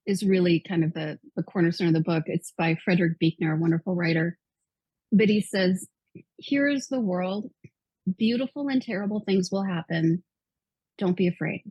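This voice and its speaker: A woman's voice: lowish voice, normal speed, husky, no room sound, dull audio. A woman in her fifties, a guest author, earnestly retelling a personal story with quoted dialogue. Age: 50s.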